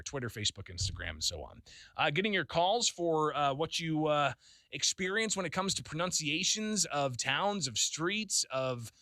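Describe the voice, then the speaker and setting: Lively, bright-voiced radio host man. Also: mid-range voice, dry recording, clean studio sound. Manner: chatty, laughing, lots of fillers. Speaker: radio talk show host. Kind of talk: call-in radio talk. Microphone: studio microphone.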